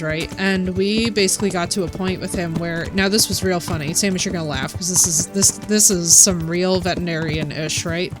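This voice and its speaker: A woman streamer chatting casually while playing, telling a story animatedly and quoting people in her own voice. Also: on the low side. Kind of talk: casual chat while gaming.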